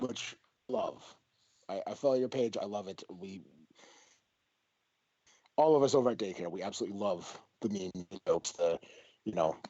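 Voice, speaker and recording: A man hosting a casual podcast, easygoing and quick to laugh along. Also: lowish voice, mellow, no echo. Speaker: podcast host. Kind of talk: casual chat. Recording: dull lo-fi sound.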